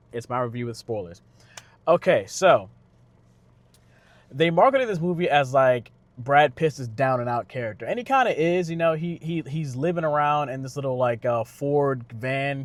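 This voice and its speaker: A man giving a casual spoken movie review, loose and conversational with lots of fillers and restarts. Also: medium pitch. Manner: slangy retelling with quick impressions of characters. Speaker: car channel vlogger reviewing a film.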